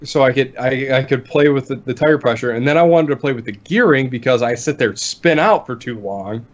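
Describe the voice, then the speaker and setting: Guy co-hosting a podcast, rambly and relaxed, middle pitch, kinda dull lo-fi sound. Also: brisk. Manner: relaxed, rambling, trails off mid-sentence. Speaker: podcast co-host. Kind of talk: casual chat.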